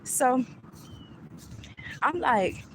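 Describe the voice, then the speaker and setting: A woman's voice: sits high, expressive, drawn-out words, a little hiss or hum, rough recording. A woman vlogger telling a casual storytime in a chatty way, often asking "you know what I'm saying".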